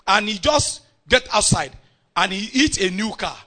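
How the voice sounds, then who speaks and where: A Nigerian man in middle age preaching a lively sermon. His voice sits very high for a man and swings widely in pitch. His tone is bright and forceful, with frequent shouted peaks. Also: normal speed. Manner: animated, bursts into shouting, calls on the congregation.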